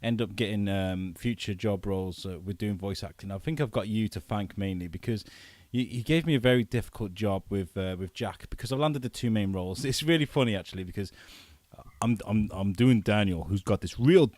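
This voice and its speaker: Chatty low-voiced man on a podcast. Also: brisk, a little mellow, no room sound. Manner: rambling and chatty, with many fillers and restarts. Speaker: voice actor interviewed on a podcast. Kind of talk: casual podcast chat.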